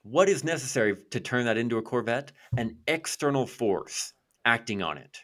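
A man's voice: mid-range voice, animated, normal speed, a bit bright. A man co-hosting a podcast from his office, explaining a point casually with everyday examples. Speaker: pro-life podcast co-host. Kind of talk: casual discussion. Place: office in Calgary.

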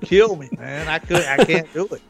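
A man's voice: a little high, moderate pace, creaky, faint music behind. A man in his forties telling profane, laughing stories as co-host of a casual podcast. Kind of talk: casual chat.

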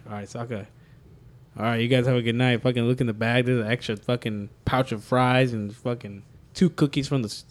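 A young man in casual chat with friends, telling a long rambling story full of swearing and laughter. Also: medium pitch. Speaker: podcast co-host.

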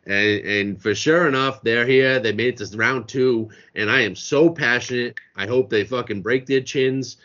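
A man's voice: mid-range voice, moderate pace, hardly any pauses, fairly bright tone, muffled recording. A man co-hosting a podcast in casual chat, ranting in a heated, profane way from a restaurant. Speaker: podcast co-host. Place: restaurant in a beach town.

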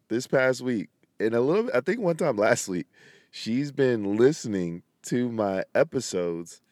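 A man's voice: low voice, a little mellow, clear, resonant tone, no echo. A young man hosting his own podcast, chatting casually in a laid-back, slangy way and talking straight to his listeners. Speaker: podcast host. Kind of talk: casual solo podcast chat.

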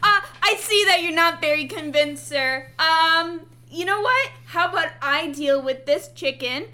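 A woman's voice: very high-pitched, unhurried, bright, forceful tone, heavily acted. A woman voicing a chirpy young woman adventurer in a tabletop game, earnest and chatty, hedging often with "um". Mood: persuasive.

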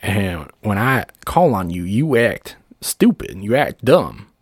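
A high, loud carnival barker of a medicine-show doctor, as a man puts him on. He is sly and bossy, pushing his miracle tonic in a tabletop role-playing game. The sound is dry and close. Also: big pitch swings, takes it slowly, slightly rough, dry recording, full character voice. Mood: scheming. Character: fast-talking male snake-oil showman doctor.

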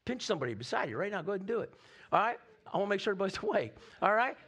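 High-voiced man preaching animatedly. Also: quick pace, gravelly. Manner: animated, conversational preaching with frequent "right?" asides. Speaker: pastor. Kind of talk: sermon.

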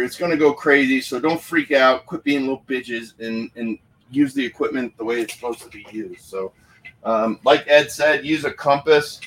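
A man's voice: a little high, recorded from a distance, poor audio. A man hosting a casual live stream from a room at home, fired up and profane, talking into his phone. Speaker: paranormal livestream host.

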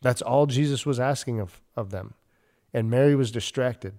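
In a casual preaching style, a man who leads a ministry and hosts a podcast speaks earnestly, often using fillers and restarting sentences. His voice is mid-range and mellow, with a moderate pace.

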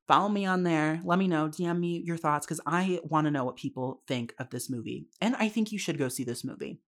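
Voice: medium pitch, brisk. A young adult podcast host giving a casual solo film review, chatty and candid, swearing freely and laughing often. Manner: chatty with frequent fillers and asides.

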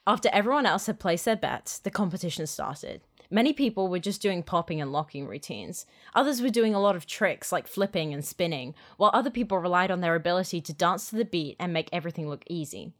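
A woman's voice: lowish voice, animated, fast talker, few pauses. A young woman and podcast co-host reading a fan fiction aloud in the first person, dramatic, with amused asides in the chat. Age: young adult.

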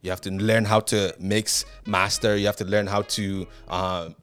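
A man co-hosting a podcast in casual chat, animated, often laughing and mimicking others. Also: lowish voice, moderate pace, faint music behind. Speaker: podcast co-host.

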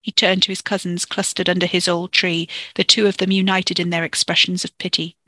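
A storyteller reading a dark fiction chapter in a steady, measured way into a close microphone. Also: medium pitch, no room sound. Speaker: podcast storyteller. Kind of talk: audiobook-style fiction narration.

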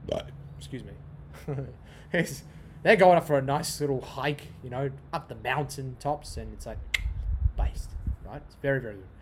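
A man's voice: mid-range voice, moderate pace, slight background noise. A young man hosting a podcast, talking in a loose, profane, rambling way that repeats itself and wanders off on tangents. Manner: profane, repetitive, goes off on tangents. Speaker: podcast host. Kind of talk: casual rambling monologue.

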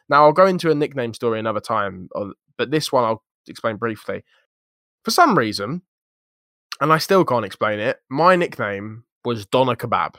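A young man co-hosting a podcast, telling a story in a lively, jokey, slangy way. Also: mid-range voice, no room sound, studio quality. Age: young adult. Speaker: podcast co-host. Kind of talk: casual storytelling chat.

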